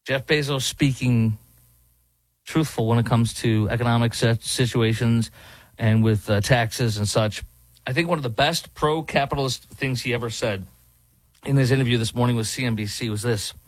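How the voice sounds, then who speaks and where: A man's voice: mid-range voice, moderate pace, dry recording, poor audio. Man guest-hosting talk radio, dry sound. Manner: conversational, many fillers and restarts. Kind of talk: casual talk radio commentary.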